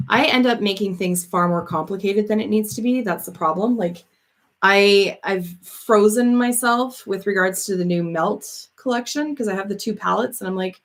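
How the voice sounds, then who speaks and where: A woman talks her way through viewer comments on a relaxed livestream. She rambles from one story to the next, laughing often and leaning on fillers. Her pitch sits right in the middle for a woman. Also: normal speed. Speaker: host of a live chat stream. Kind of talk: casual chat answering viewer comments.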